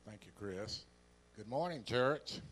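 A man's voice: lowish voice, animated, fairly bright tone, slight background noise. Older Southern man with dry humor. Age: 70s. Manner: dry, self-mocking humor with earnest pauses. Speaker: church member introducing the guest speaker. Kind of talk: jokey introduction to a congregation. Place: church sanctuary.

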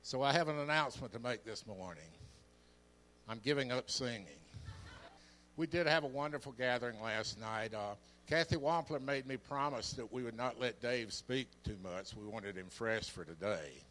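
A man's voice: mid-range voice, a bit bright, slight background noise. A man in his seventies with a Southern US accent, introducing a guest speaker to a church congregation with dry, self-mocking jokes. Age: 70s. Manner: dry, self-mocking humor with earnest pauses. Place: church sanctuary.

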